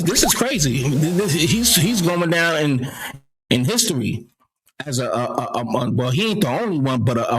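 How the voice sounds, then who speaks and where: A man's voice: on the high side, fairly bright tone, slightly rough. A man from the United States hosting a casual commentary show, blunt and profane, often stammering and repeating himself. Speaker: commentary channel host.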